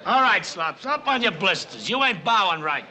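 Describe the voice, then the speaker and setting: A man's voice: very high voice, moderate pace, sharp tone, echoey room, far from the mic, full character voice. An actor playing a bossy gangster henchman in a 1960s film, barking orders.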